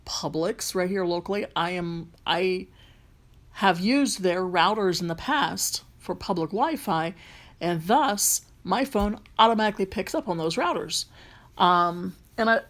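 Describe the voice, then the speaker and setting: Her voice sits on the low side and moves at a measured pace. A rideshare driver and vlogger with a light Southern accent, she talks casually through a phone tutorial, often saying um and starting over as she rambles.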